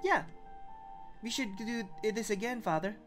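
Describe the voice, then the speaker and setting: Sweet little girl, done by a man in a game, pitched way up, eager and childlike. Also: normal speed, over music, lightly acted. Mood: cheerful. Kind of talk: let's play voice reading.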